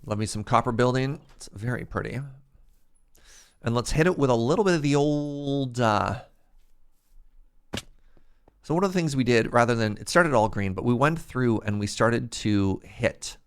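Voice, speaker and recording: A man's voice: mid-range voice, animated, normal speed, long pauses, clean tone. A man streaming a building game, chatting casually and thinking aloud as he builds. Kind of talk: casual livestream chat while playing.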